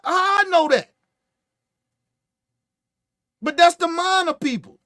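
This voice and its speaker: A man hosting a podcast, telling stories in casual, profane, animated commentary and acting out what others said. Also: very high voice, fast, no echo, studio quality. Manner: profane, animated storytelling with acted-out quotes. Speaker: podcast host.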